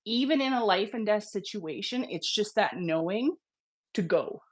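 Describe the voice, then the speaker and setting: Woman guest, slightly rough sick throat, earnest gentle explainer, mid-pitched, casual chat. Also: expressive, normal speed.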